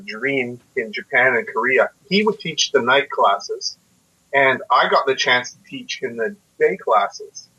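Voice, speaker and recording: Guest part for a reflective, self-deprecating Canadian man in his forties, bright tone, muffled lo-fi sound. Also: mid-range voice, breathy edge. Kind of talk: casual storytelling interview. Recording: muffled lo-fi audio.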